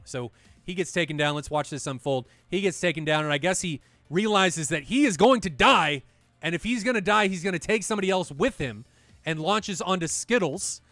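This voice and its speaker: Excitable high-voiced male commentator. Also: brisk, dry recording, soft background music. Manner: excitable, talks to the viewers directly. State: out of breath at times. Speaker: esports commentator. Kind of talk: play-by-play commentary.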